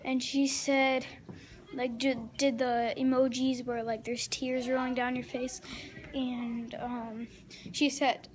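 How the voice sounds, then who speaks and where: A woman's voice: high-pitched, level tone, unhurried, slight background noise. A woman vlogging casually while walking around her house, chatting in a rambling way with lots of fillers and restarts. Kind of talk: casual vlog chat.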